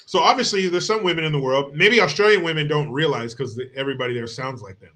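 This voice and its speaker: A man's voice: a little high, expressive, quick pace, few pauses, bright, forceful tone. A man from the United States hosting a podcast, giving crude, mocking commentary and laughing often. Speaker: host.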